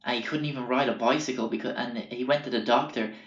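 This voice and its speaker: This man speaks quickly in a steady, mid-range voice with a slightly bright edge. Hosting his podcast, he tells rambling, profanity-laced stories and acts out the people in them, all captured in a roomy, muffled lo-fi recording.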